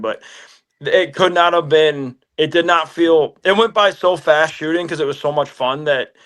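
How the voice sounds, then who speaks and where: A musician in a casual interview, telling stories with lively acted-out phone calls. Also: male voice, a little high. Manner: animated storyteller, acts out phone calls.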